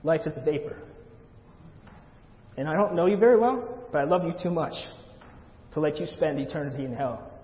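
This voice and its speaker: A man's voice: a little high, normal speed, long pauses. A man preaching a sermon in a church, earnest and pleading, repeating his phrases for emphasis. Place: church sanctuary. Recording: echoey church hall, dull lo-fi sound.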